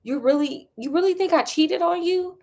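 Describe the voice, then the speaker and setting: A woman's voice: a little high, animated, moderate pace. A woman voicing a grieving teenage boy who pleads earnestly with his girlfriend, in a storytelling reading. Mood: pleading.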